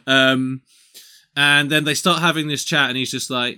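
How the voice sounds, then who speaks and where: Animated, bright-voiced man retelling a film. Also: mid-range voice, moderate pace, clear, resonant tone. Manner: animated storyteller, swears freely. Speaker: podcast co-host. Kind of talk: casual film-review chat.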